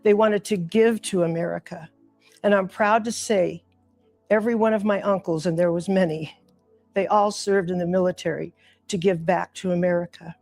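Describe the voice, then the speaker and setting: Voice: mid-range voice, steady tone, normal speed, a little mellow, dry recording. Guest speaker, earnest, emotional, family stories, faint music behind. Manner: earnest, emotional, personal storytelling. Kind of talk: patriotic address to camera.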